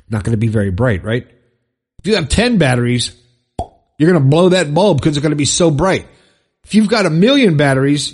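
A man hosting a podcast, fired up and preachy, repeating phrases for emphasis in a husky voice. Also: fairly high pitch. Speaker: podcast host. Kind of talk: impassioned motivational monologue.

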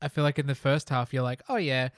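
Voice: mid-range voice, fast talker, no room sound. Rambly podcast co-host, keeps restarting, dry sound. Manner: rambling, restarts and self-corrections. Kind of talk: casual chat.

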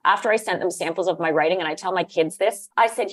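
A middle-aged woman telling lively anecdotes in a casual interview, using "like" a lot and laughing often. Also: lowish voice, fast, no echo. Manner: animated, lots of "like", laughs often. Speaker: guest, former magazine editor.

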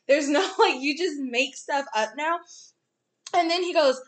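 A young woman in casual chat, animated and profane, often laughing as she talks. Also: sits high, normal speed.

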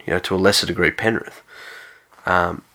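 A man's voice: deep voice, fairly even intonation, brisk, sharp tone. A man, co-hosting a sports podcast with dry, teasing, hesitant chat. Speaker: podcast co-host.

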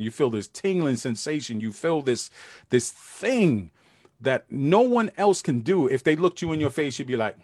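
A man's voice: mid-range voice, darkish tone, dry recording, clean studio sound. A middle-aged man hosting a livestream, talking casually and earnestly to his viewers in loose street slang with lots of fillers. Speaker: livestream host.

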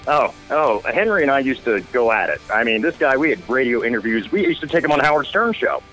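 A man in casual radio chat, telling wild, profane anecdotes with animated energy. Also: medium pitch, a little fast, soft background music, low-quality recording. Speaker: guest storyteller.

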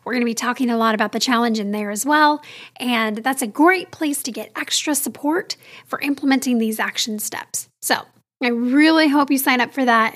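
A high-voiced woman in her thirties hosts her own podcast alone. She speaks candidly and chattily, straight to her listeners, as if confiding in friends. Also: fairly quick, fairly bright tone. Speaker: podcast host. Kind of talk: solo podcast monologue.

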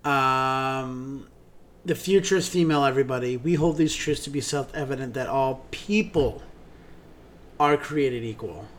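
A man's voice: medium pitch, moderate pace, a bit bright, slight background noise. A man co-hosting a theater podcast, gushing enthusiastically about shows in casual chat, with many ums.

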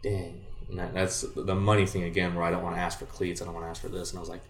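Over very fast, soft background music, a young former baseball player with a very low-pitched voice spins a long, rambling story as a guest, slipping into quoted dialogue. The room echoes, and the mood is a relaxed, casual conversation.

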